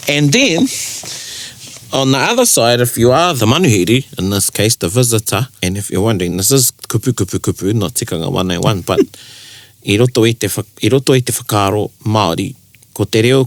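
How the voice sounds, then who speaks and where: A man's voice: on the low side, lively intonation, a little fast, no room sound. A man from New Zealand with a New Zealand accent, co-hosting a casual chat and explaining things, mixing Māori phrases into his English. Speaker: co-host.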